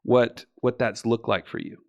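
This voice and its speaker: A man hosting a podcast interview, asking guiding questions in a relaxed, casual way. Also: medium pitch, normal speed, creaky. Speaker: podcast host.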